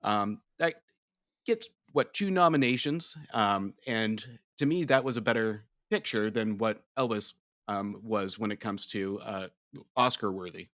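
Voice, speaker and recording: A man guesting on a casual podcast, hesitant and halting as he searches for words. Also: fairly low pitch, fairly bright tone, dry recording, studio quality. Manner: hesitant, lots of ums and uhs. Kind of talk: casual chat.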